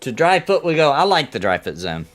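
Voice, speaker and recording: Lively, jokey male game streamer. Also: fairly high pitch, fairly quick, faint music behind. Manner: playful, jokey, talks to chat and his game. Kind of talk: casual live-stream chat while playing.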